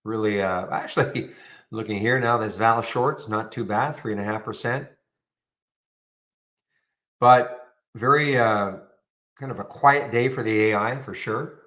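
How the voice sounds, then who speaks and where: A man's voice: fairly low pitch, moderate pace, a bit bright. A man hosting a live day-trading room, chatting casually and thinking aloud, often restarting his sentences. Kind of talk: casual live-stream commentary. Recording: slightly dull lo-fi sound.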